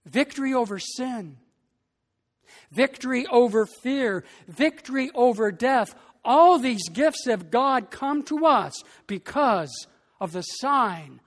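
A pastor preaching a sermon with a slow, deliberate delivery, rising in emphasis on key phrases. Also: medium pitch, expressive, long reverb tail.

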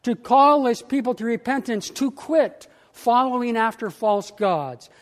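A man with a very high voice delivers a sermon at a slow, deliberate pace. His words ring out in a church sanctuary with a long reverb trailing each phrase. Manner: measured preaching with emphatic pauses. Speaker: pastor.

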